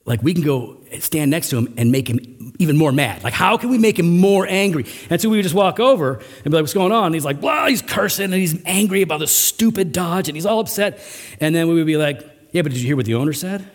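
A middle-aged man preaching a sermon as pastor, with animated, emphatic rising runs. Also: medium pitch. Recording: long hall reverb.

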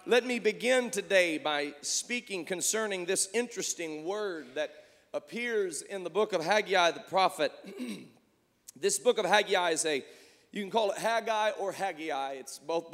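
Male pastor, high tenor, rhythmic fervent sermon delivery, reverberant church sanctuary. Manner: fervent praying, preacher's cadence. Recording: echoey church hall.

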